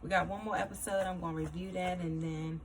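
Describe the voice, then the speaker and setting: Gravelly-voiced woman recapping a TV episode. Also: fairly low pitch, fast, very noisy. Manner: animated retelling, acts out characters' lines. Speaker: TV episode reviewer. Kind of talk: casual recap to camera.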